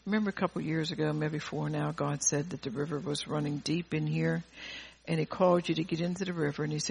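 A woman's voice: low voice, fairly even intonation, quick pace, vocal fry, a little mellow, a little hiss or hum. A woman preacher delivering a fervent sermon, repeating words and phrases for emphasis.

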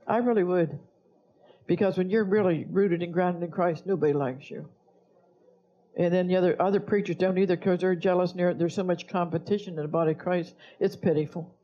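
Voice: medium pitch, warm tone, dull audio. A pastor preaching a sermon, blunt and scolding toward the congregation.

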